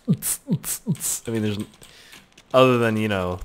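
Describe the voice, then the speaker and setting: A young man giving joking, excitable let's-play commentary as a gaming YouTuber, swearing a lot as he goes. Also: medium pitch, a little slow, slight background noise.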